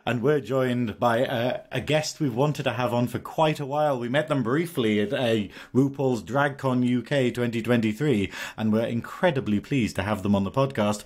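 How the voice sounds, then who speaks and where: A man hosting a casual podcast, teasing his co-hosts and laughing often. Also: mid-range voice. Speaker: podcast host.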